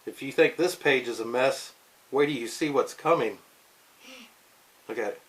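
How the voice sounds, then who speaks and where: A man's voice: medium pitch, moderate pace, rough recording. A man casually reading a comic book aloud to his daughters, playful and chatty. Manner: playful, slips into goofy character voices. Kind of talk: casual read-aloud with commentary.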